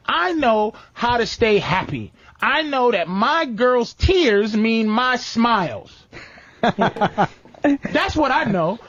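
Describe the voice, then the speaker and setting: A man's voice: very high voice, big pitch swings, extremely slow, fairly bright tone, muffled recording. A man telling crude, joking stories in casual podcast chat.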